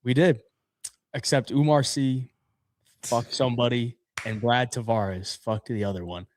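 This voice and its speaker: A man's voice: medium pitch, fairly even intonation, unhurried, slight background noise. A man co-hosting a casual fight-picks show, laid-back and chatty, reading sponsor plugs too. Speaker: podcast co-host.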